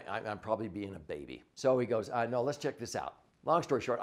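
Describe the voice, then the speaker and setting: A man in his sixties, a financial advisor hosting his own show, telling a personal story in a folksy, earnest way and acting out what he said back then. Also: medium pitch. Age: 60s. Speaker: financial advisor and podcast host.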